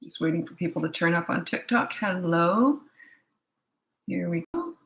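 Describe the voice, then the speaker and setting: Brief: woman, tired parenting coach, rambling live-stream chat, low-ish bright voice, echoey room. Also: expressive, moderate pace, creaky. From Canada. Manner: chatty, rambling, many ums.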